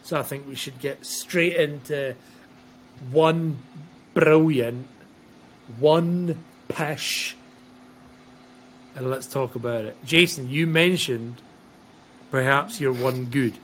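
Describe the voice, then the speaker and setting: A man's voice: medium pitch, measured pace, fairly bright tone, slight background noise, rough recording. A man co-hosting a casual wrestling podcast, wry and steering the talk. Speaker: podcast co-host. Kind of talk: casual chat.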